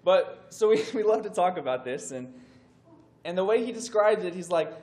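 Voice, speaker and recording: A young man giving a casual sermon to a youth group. He tells a story with animated, conversational delivery and acts out the voices in it. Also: sits high, normal speed. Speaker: youth speaker. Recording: echoey room with faint background noise.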